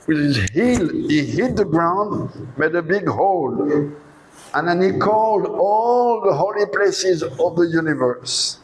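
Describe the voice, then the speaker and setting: Higher-voiced man telling a devotional story. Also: slight background noise, rough recording. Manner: animated, acts out dialogue in the story. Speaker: monk preacher.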